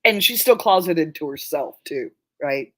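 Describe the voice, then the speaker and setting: A middle-aged guest in a casual chat, telling personal family stories in a candid, wry way and swearing now and then. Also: female voice, low voice, animated, a little slow, sharp tone.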